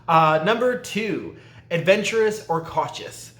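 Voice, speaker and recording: A man's voice: high-pitched, lively intonation, measured pace, a bit bright, reverberant. A man vlogging casually at home, rambling and stopping himself mid-thought, with a laugh never far off. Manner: rambling, self-interrupting, laughs often. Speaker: YouTube vlogger. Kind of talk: casual chatty tag video.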